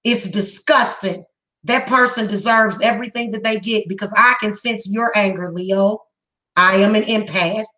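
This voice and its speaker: A woman giving a psychic reading, speaking bluntly and emphatically, heated and repetitive, slowing down to stress her words. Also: medium pitch, pushed and bright, poor audio. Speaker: psychic reader. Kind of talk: tarot reading monologue.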